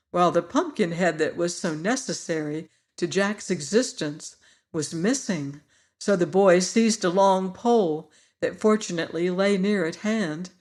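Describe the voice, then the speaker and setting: A man narrating an audiobook in a measured, even storytelling manner. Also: high-pitched. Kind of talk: scripted narration.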